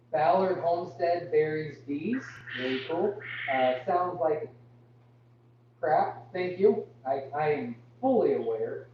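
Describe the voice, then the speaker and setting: A young man hosting a live farm Q&A, reading viewer comments aloud and answering with apologies, straining his voice to talk louder. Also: mid-range voice. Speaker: farm livestream host. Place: indoors on a farm. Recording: muffled, distant, echoey, with hum.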